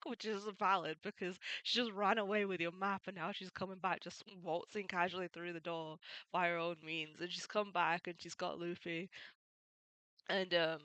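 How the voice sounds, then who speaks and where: A woman gives a casual spoken recap, chatty and full of fillers and small laughs. Her voice is bright and smooth, close and dry on the mic, with no room around it. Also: lowish voice, fairly even intonation, moderate pace, dry recording, poor audio. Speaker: video creator summarizing a manga.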